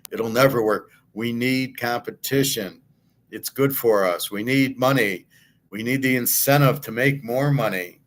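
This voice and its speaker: Blunt, swearing middle-aged man ranting. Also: medium pitch. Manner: blunt, indignant, swears freely. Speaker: sports handicapper and commentator. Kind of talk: ranting monologue.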